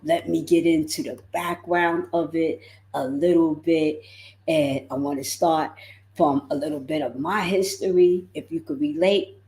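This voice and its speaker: A woman life coach giving a motivational livestream talk, expressive and repeating words for emphasis. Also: low voice, unhurried, echoey room.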